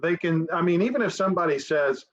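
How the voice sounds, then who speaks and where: A man's voice: high-pitched, expressive, fast talker. Easygoing man with a dull recording. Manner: easygoing, jokes and interjects. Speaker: podcast co-host. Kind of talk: casual business podcast chat.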